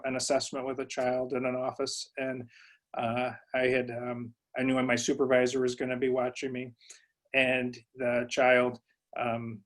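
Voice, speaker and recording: A psychology professor giving a webinar lecture to educators, speaking conversationally with lots of uh and um fillers and telling stories from his own early work. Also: mid-range voice.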